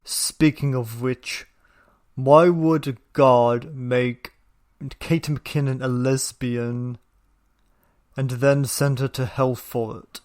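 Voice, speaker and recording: A man hosting a commentary video talks slowly, in a mocking, sarcastic tone. His voice sits at an ordinary pitch for a man. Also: steady tone, a little mellow.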